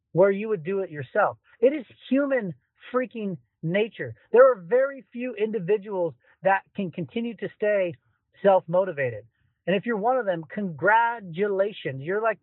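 A man's voice: sits high, no room sound. A middle-aged man hosting a solo motivational podcast from a parked car, talking energetically and emphatically. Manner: energetic, emphatic, conversational with frequent "like". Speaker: podcast host. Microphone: phone voice recorder. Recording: tinny phone recording.

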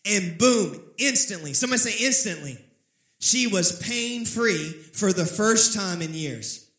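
A man preaching a sermon, telling a story and calling on the congregation to answer back, with dramatic slowing on key phrases. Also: high-pitched, expressive, fairly bright tone, reverberant, poor audio. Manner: preaching with call-and-response prompts to the congregation. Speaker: pastor.

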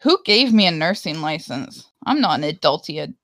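A woman's voice: deep voice, sing-song, normal speed, fairly bright tone. Scottish woman, nurse, teasing banter, voice that swings up and down. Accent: Scottish, slipping. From Scotland. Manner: playful, mock-threatening. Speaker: nurse, community admin. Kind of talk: casual chat.

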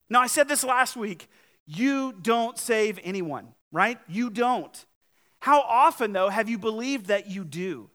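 A man preaching a sermon as pastor, talking to his congregation in a conversational, emphatic way, his loudness swinging widely. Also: sits high, animated, slow pace.

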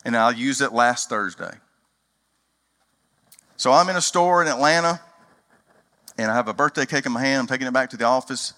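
A man's voice: medium pitch, pushed and bright. A man preaching a sermon as pastor, telling folksy stories and acting out dialogue in a large church hall. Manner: folksy storytelling, acts out dialogue.

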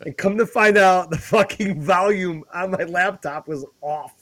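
Profane man telling animated stories. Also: high voice, unhurried. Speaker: podcast co-host. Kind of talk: casual crude banter. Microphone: remote call setup.

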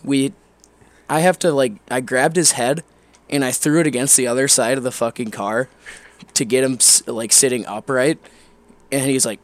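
A young man telling a long, rambling, profane story with animated energy in a casual podcast chat. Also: mid-range voice, moderate pace.

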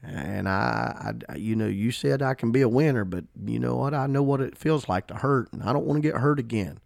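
A man's voice: medium pitch, expressive, a little fast, vocal fry, darkish tone, no room sound, studio quality. A man voicing a wary, hurt male listener who doubts what he is told and speaks in a guarded, grudging way. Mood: skeptical.

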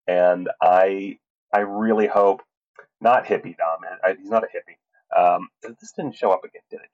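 A man with a very low voice talks through a film review in a loose, rambling way. He swears freely and trips over his own sentences with fillers and restarts. The sound is muffled and lo-fi. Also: a little mellow. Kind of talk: casual film review talk.

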